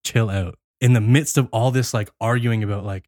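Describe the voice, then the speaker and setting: A man hosting a casual podcast, retelling a film scene by scene and acting out the characters' lines in quick bursts. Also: lowish voice, fairly even intonation, darkish tone, no echo, studio quality. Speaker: podcast host recapping a film. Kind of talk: casual chat.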